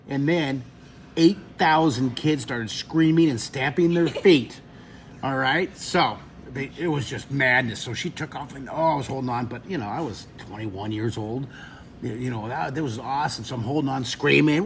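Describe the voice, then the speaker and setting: A middle-aged man teaching drawing, telling an animated story to kids, lively and expressive, leaping into shrieks for effect. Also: mid-range voice, moderate pace, a little hiss or hum.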